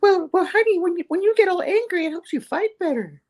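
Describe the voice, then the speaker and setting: A man doing a cooing falsetto villainess. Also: lively intonation, a little fast, a little mellow. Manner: sing-song falsetto cooing. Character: flirty woman villain cooing at her man.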